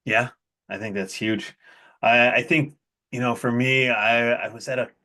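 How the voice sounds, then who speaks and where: A man hosting a podcast, his voice bright and forward at a middle pitch. He talks conversationally and laughs easily, with plenty of fillers. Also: fairly even intonation, a little slow. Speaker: podcast host. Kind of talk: casual conversation.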